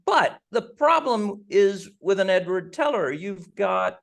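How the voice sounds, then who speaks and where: A man's voice: sits high, lively intonation, slow pace, gravelly. A man hosting an interview on a video call, chatty and joking as he tells stories. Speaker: host.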